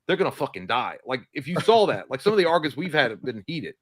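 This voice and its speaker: A man's voice: medium pitch, sing-song, fast, no room sound. A man co-hosting a casual chat, telling stories animatedly and acting out the other people's lines, swearing freely. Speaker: podcast co-host.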